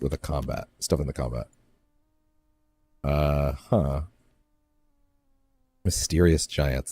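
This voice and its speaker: Deep-voiced man streaming a game. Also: dark tone. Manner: rambling, restarts phrases, chats to his dog. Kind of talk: casual gameplay commentary.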